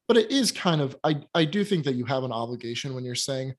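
A man's voice: mid-range voice, fairly quick, faint music behind. A man co-hosting a casual film review chat, giving candid and critical opinions with plenty of hesitations and restarts. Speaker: podcast co-host reviewing films.

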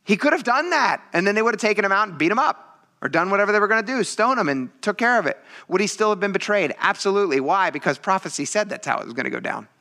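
Guy preaching a sunday sermon, bright voice, loose and jokey, acts out the quotes. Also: sits high, expressive, quick pace. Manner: casual, joking preaching with acted quotes. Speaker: pastor.

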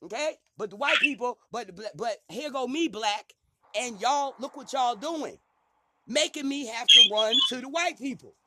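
A man's voice: very high voice, expressive, moderate pace, sharp tone. A man hosting a talk radio show, ranting in a heated, profane way and stumbling over repeated words as he gets worked up.

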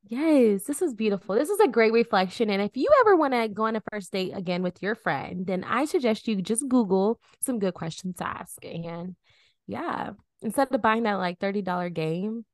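A woman's voice: mid-range voice, normal speed, dry recording, studio quality. Bubbly young woman co-hosting a podcast. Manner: bubbly and animated, says "like" often. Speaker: podcast co-host. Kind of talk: casual chat.

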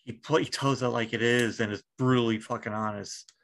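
A man's voice: mid-range voice, brisk, creaky. A man hosting a podcast in casual chat, rambling and swearing freely as he tells stories. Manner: profane, rambling, animated storytelling. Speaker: podcast host.

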